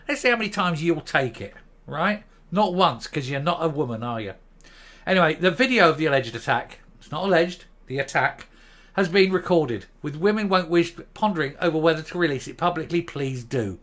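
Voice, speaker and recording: Heated man in his fifties. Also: on the high side. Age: 50s. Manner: heated, blunt and profane, keeps stopping to calm down. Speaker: commentary channel host. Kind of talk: angry opinion rant to camera.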